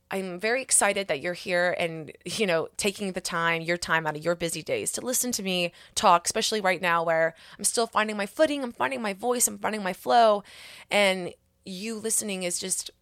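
A woman's voice: mid-range voice, moderate pace, fairly bright tone, no room sound, studio quality. A woman hosting her own podcast in casual solo chat, rambling and candid with many asides, earnest and encouraging. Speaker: podcast host.

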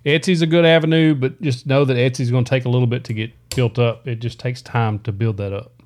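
A man's voice: mid-range voice, steady tone, fast talker, a little mellow. A middle-aged man co-hosting a live stream, easygoing and chuckling as he reads viewer comments and gives practical advice. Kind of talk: casual chat, answering viewer questions.

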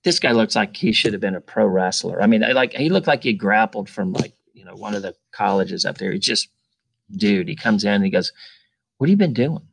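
A middle-aged man with a low, gravelly voice tells a story as a podcast guest. He talks casually and animatedly, acting out the voices of the people in it. The sound is dry and close, with no room echo. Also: brisk. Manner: animated, acts out quoted dialogue.

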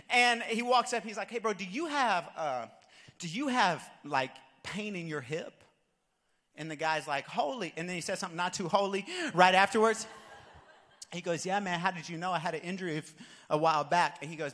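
A young pastor tells funny stories from the pulpit, then builds up to shouted calls to his listeners. His voice sits high and bright. It rings with the long echo of a big church hall. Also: a little fast. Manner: animated, jokey, builds to shouted exhortation. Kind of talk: sermon with storytelling. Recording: long reverb of a large hall.

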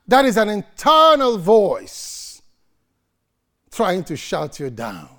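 A man preaching a sermon at a church service, dramatic and emphatic, swinging between shouting and soft talk. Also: high-pitched, wildly swooping pitch, measured pace.

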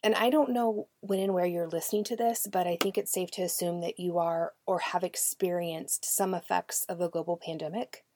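A woman's voice: lowish voice, fairly even intonation, moderate pace, hardly any pauses, darkish tone. A woman hosting a podcast, talking directly to parents in a conversational way and often dropping to a near-whisper. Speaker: podcast host. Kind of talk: podcast talk to parents and educators.

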